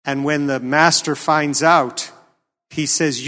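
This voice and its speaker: A man delivers a sermon in a slow, deliberate voice, pitched a bit high for a man. His tone is earnest and questioning, and he leans hard on key words. A long reverb trails each phrase. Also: steady tone, sharp tone. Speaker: preacher.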